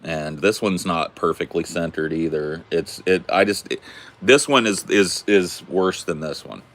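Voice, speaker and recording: A man in his forties with a very low, deep voice, chatting casually with viewers. He jokes around and rambles at an unhurried, relaxed pace. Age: 40s. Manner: laid-back, joking, rambling. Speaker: streamer answering viewer questions. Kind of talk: casual chat.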